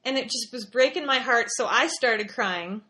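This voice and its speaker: A woman's voice: on the high side, moderate pace, bright, forceful tone. A woman, a mother, casually and emotionally telling a story as a guest, often restarting and repeating her words.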